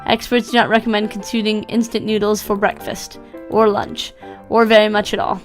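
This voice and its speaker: A woman's voice: mid-range voice, fairly even intonation, normal speed, soft background music, close to an everyday voice. A woman voicing a polite, formal male robot butler while reading a visual novel aloud, with stiff diction. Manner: stiff formal diction, stumbles over words when reading.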